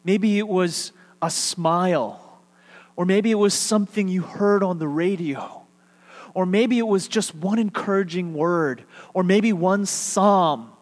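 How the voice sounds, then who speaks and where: A man's voice: high voice, slow. A man preaching a sermon as pastor, speaking conversationally and leading his congregation in call-and-response. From Texas. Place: church sanctuary. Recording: reverberant hall.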